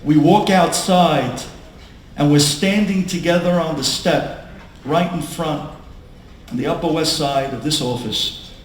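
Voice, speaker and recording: Dramatic, slow-paced rabbi in an echoey hall. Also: male voice, a little high. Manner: dramatic storytelling, swings from hushed to shouting. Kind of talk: inspirational talk to an audience. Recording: echoey hall with faint room noise.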